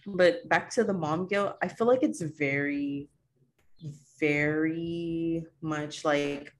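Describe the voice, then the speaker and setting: A woman chatting casually on a podcast, slangy and blunt, swearing and laughing. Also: low-pitched. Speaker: podcast co-host. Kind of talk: casual chat.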